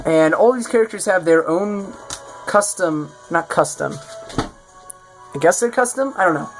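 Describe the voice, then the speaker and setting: A man casually presenting his own game mod in a showcase, rambling and correcting himself as he goes. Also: high voice. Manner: rambling, self-correcting, offhand.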